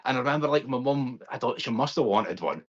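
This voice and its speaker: A man's voice: mid-range voice, lively intonation, fast talker. A young man co-hosting a casual podcast, easygoing and steering the chat to new topics. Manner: easygoing, prompts the other host with topics. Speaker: podcast co-host. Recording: dull lo-fi sound.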